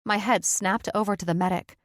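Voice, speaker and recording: A woman narrating a first-person audiobook in a steady, earnest storytelling manner. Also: medium pitch, fairly quick, no room sound, studio quality.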